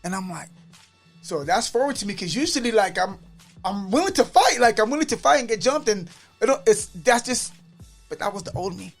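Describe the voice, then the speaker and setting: Fast-talking excitable man telling a story. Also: sits high, creaky, faint music behind. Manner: excitable, repeats words, often says "Jesus Christ". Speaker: podcast guest. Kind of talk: animated storytelling.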